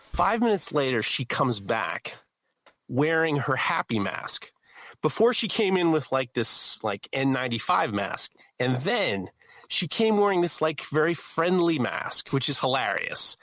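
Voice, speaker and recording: A man co-hosting a knife-making show, telling a story with lively energy and acting out the people in it. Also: a little high, unhurried, no room sound. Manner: excitable, acts out quoted voices. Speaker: podcast co-host. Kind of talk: animated storytelling.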